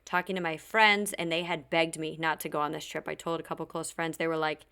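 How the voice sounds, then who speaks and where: A woman's voice: deep voice, level tone, a little fast, pushed and bright, clear, resonant tone. A woman hosting a podcast, telling a personal story candidly and bluntly, swearing freely and acting out what others said. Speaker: podcast host.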